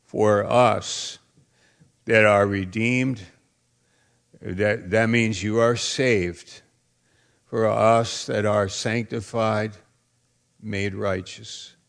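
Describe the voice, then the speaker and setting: Male pastor, deliberate slow delivery, gravelly, emphatic sermon style. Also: fairly low pitch, fairly even intonation. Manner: emphatic preaching, repeats phrases, bursts into shouts.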